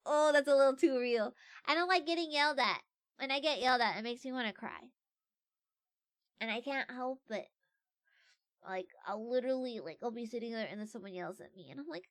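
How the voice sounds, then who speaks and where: A woman doing a bright, high-ish young streamer with a dry, close sound, playfully riffing on quiz questions. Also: lively intonation, brisk, dry recording. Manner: playful, reads quiz questions aloud and jokes about them. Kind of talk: casual livestream chat.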